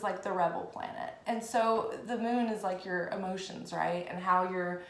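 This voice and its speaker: A woman tarot reader talking in a casual, animated way on her spiritual vlog, swearing freely as she goes. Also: medium pitch, gravelly. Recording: echoey room.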